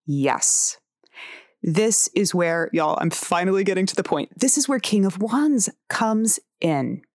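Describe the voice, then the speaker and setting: A woman's voice: lowish voice, animated, unhurried, a little mellow, no echo, clean studio sound. A woman in her forties hosting a personal tarot podcast, talking frankly and candidly, with swearing and laughs. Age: 40s. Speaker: podcast host.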